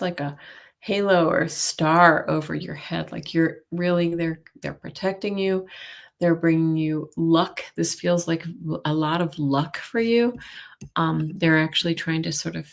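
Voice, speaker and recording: A woman's voice: fairly low pitch, gravelly. Chatty woman doing live tarot readings. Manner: chatty, hesitant, with frequent soft laughs and fillers; warm reassuring intuitive tone. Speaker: intuitive reader, stream host.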